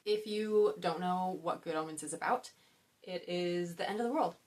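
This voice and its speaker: Chatty young woman, slightly low voice. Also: normal speed, a little mellow. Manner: chatty, rambling with side stories and self-aware laughs. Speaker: book vlogger. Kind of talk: casual book-tag chat.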